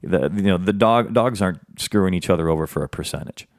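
A man's voice: low-pitched, fast, dry recording, clean studio sound. A man hosting an interview, laid-back and friendly, often saying "man". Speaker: radio host.

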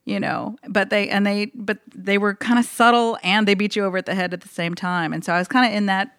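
A woman's voice: medium pitch, steady tone, fast, a bit bright, no room sound, studio quality. A woman musician, a guest chatting casually and giggling often. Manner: giggly, playful. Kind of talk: casual chat.

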